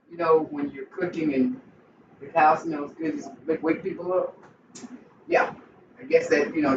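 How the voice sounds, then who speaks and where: A man hosting a casual home cooking vlog in his kitchen, gushing and exclaiming about the food as he goes. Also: a little high. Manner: gushing, exclamatory, keeps saying how excited he is. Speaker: home cook channel host. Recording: echoey kitchen, distant, dull and noisy.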